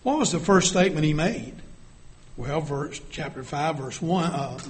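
A man preaching a sermon, reading scripture aloud and dropping to a hush for vivid scenes. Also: a little high, animated, moderate pace, slight background noise.

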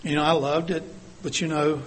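Older man, sermon, earnest, rhetorical questions, slightly high voice, faint background hiss. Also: level tone, normal speed. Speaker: church speaker.

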